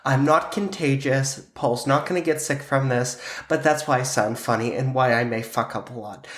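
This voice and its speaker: A man's voice: medium pitch, moderate pace, fairly bright tone, reverberant. A man hosting a podcast with a sinus cold, chatting casually and joking with a lot of swearing. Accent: Pittsburgh. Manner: joking, profane, casual banter. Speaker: podcast host. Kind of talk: casual chat.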